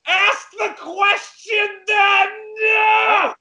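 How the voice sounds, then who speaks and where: Brash, rushing pro golfer, bossy rants, very high bright voice, played by a man. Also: lively intonation, exaggerated voice. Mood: exasperated yelling. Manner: yelling, exasperated, bossy ranting. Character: brash impatient adult male pro golfer, always rushing. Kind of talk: comedy sketch acting.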